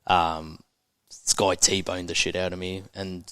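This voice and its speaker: A man's voice: low voice, little pitch movement, slow, bright, forceful tone, smooth, dry recording. Blunt, emotional Australian man, dry close sound. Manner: emotional, blunt, swears often. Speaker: entrepreneur guest. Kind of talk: candid podcast interview.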